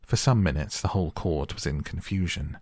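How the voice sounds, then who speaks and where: A man calmly and slowly narrating a storybook to help listeners sleep. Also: sits low, dry recording, clean studio sound. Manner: calm, slow, soothing. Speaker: audiobook narrator. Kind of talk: soft bedtime storybook reading.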